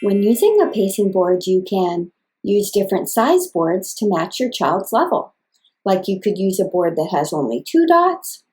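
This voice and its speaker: A woman speech-language pathologist explains a home technique to parents. Her delivery is calm, clear and evenly paced, in a middle-pitched voice, like scripted teaching.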